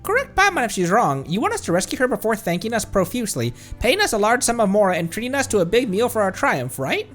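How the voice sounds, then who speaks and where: Man putting on a squeaky tiny girl companion, chirpy, greedy for food, voice jumps up and down. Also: sing-song, quick pace, hardly any pauses, a bit bright, soft background music. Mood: bouncy. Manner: bouncy, greedy for food and reward. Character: Paimon, tiny chirpy female travel companion.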